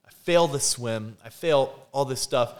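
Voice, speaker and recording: On a podcast, a male guest casually shares a personal story in an unhurried, mid-range voice. He's animated, acting out what people said and laughing often.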